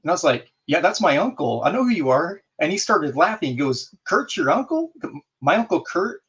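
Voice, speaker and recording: Man, casual storyteller over a video call, animated, plays out every line of dialogue. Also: on the high side, a little fast, lo-fi sound. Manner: animated, acts out both sides of a conversation. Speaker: guest in a group video chat.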